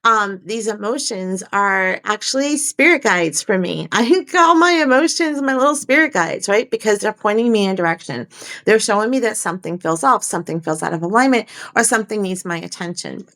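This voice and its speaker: A woman's voice: mid-range voice, vocal fry. Reflective woman coaching on a live stream. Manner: soft reflective spiritual coaching, repeats phrases. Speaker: life coach.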